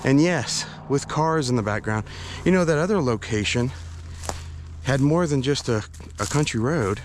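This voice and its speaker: A man hiking in a forest vlogs casually as he walks, breathless, rambling and hesitant, with many fillers and restarts. His medium-pitched voice is expressive at a moderate pace, and a faint hiss or hum runs underneath.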